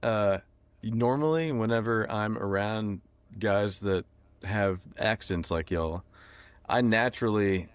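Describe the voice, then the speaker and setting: A man's voice: on the low side, slow pace, clear, resonant tone, no room sound. A man from Texas, a musician guest chatting casually and loosely in an interview. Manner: laid-back, rambling, lots of fillers.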